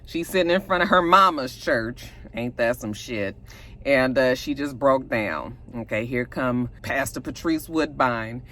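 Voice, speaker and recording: A woman's voice: extremely low pitch, measured pace, pushed and bright. A woman, casually retelling a TV episode and acting out the characters' lines. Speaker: TV show recapper.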